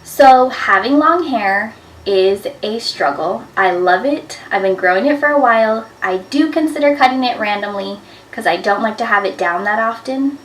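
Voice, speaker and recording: A woman in her twenties telling embarrassing stories to camera in a chatty, animated way, with lots of "like" fillers. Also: fairly high pitch, normal speed. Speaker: vlogger. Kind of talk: casual storytelling to camera. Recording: echoey room, a bit far from the mic.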